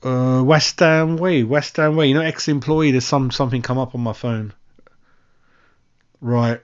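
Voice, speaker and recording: A man's voice: medium pitch, steady tone, unhurried, clean tone. Man, casual rambling stream chat, slightly dull lo-fi sound. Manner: chatty, rambling, says mate constantly. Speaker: fan channel host.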